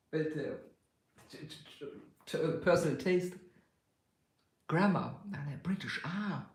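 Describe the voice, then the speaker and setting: A woman with a German accent chats casually with her livestream viewers in English, her second language. She rambles, restarts her thoughts and laughs easily. Her voice rings in a strongly echoing room. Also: on the low side. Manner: chatty, rambling, laughs often. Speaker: livestream host. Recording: very echoey room.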